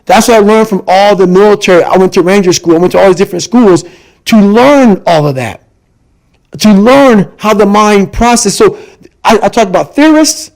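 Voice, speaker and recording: A man's voice: sits high, moderate pace, a little mellow, poor audio. A man guest in a conversation, telling a personal story with intense emphasis and repeating his points to hammer them home. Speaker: podcast guest.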